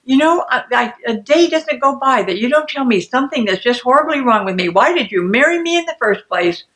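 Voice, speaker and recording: A woman's voice: high voice, animated, brisk, fairly bright tone, voice pushed up. A woman acting out a defensive spouse who feels constantly criticized. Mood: hurt. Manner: defensive and wounded.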